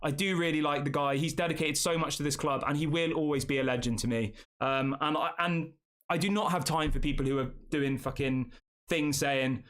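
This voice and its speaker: A man's voice: a little high, animated, brisk, a bit bright. A young man hosting a football news channel, reacting emotionally on a live stream and talking straight to his viewers. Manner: emotional, repetitive, addresses viewers as guys.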